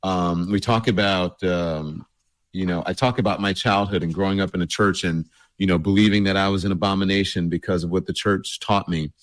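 A man with a low voice and a scratchy, cold-roughened throat talks casually to his viewers. He rambles and leans on fillers as he hosts, and the recording is dry and close. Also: fairly even intonation, a little fast, no room sound. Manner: loose and rambling, many fillers. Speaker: show host. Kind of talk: casual address to a livestream audience.

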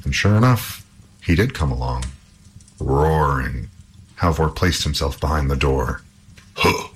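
A man reading an old folk tale aloud in an expressive storytelling manner. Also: extremely low pitch, measured pace, slight background noise, rough recording.

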